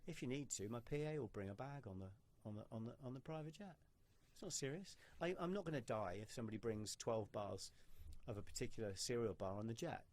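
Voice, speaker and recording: A man hosting a podcast who tells stories in an animated way and swears freely in casual conversation. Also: mid-range voice, fast talker, hardly any pauses. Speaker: podcast host.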